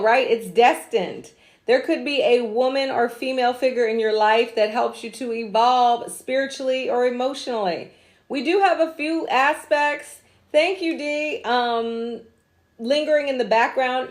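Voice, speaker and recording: A woman's voice: fairly high pitch, unhurried. Chatty, slangy woman astrology host. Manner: chatty, laughs and drifts off track, slangy asides. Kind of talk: casual astrology livestream talk.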